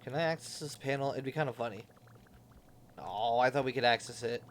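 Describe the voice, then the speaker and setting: A man's voice: medium pitch, brisk, slight background noise. A man streaming a video game live, chatty and self-deprecating, yawning often as he reads along. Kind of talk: casual live game stream, reading dialogue aloud. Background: faint game music.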